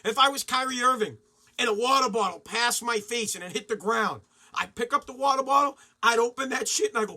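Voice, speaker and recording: A man with a strikingly high voice hosts a podcast, and he rants in a loose, excitable way full of swearing. His tone is bright and sharp. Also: fairly quick. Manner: profane, excitable ranting. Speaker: podcast host. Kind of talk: casual podcast rant.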